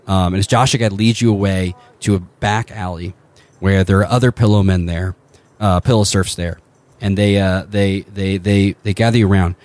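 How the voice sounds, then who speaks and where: A man narrating as game master in a tabletop game, halting with many fillers. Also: low voice, steady tone, darkish tone, dry recording.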